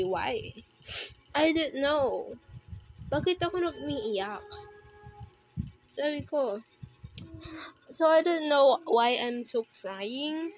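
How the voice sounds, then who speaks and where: A woman with a Filipino accent, talking in a halting, emotional way as she vlogs casually. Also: high voice, rough recording. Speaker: vlogger. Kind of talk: casual rambling vlog.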